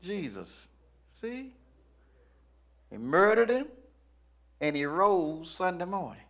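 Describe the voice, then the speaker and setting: High, bright-voiced preacher. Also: male voice, very animated, slow. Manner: rhythmic preaching that swings from low murmurs to shouting. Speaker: pastor. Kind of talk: sermon.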